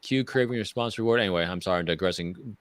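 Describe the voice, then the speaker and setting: A man co-hosting a casual panel chat, quickly running through points from his notes. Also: low voice, no echo. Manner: quick, list-like, reading notes. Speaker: podcast co-host.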